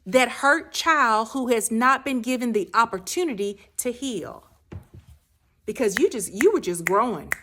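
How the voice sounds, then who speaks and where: A woman life coach giving a motivational speech, repeating her phrases for emphasis and often dropping to a soft, low near-whisper. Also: expressive, a little slow.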